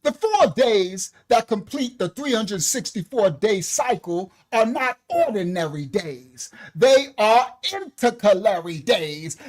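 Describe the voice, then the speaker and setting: Fervent man teaching scripture. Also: extremely high pitch. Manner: fervent, exclaiming, bursts of laughter. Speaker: Bible teacher. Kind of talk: livestreamed scripture lesson. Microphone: own desk microphone.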